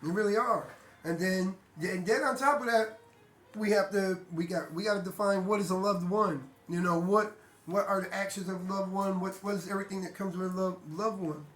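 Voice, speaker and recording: A man's voice: high-pitched, steady tone, moderate pace, fairly bright tone, a little hiss or hum. A man giving a casual motivational monologue, talking bluntly and emphatically, swearing freely and repeating himself. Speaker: vlogger. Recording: echoey room.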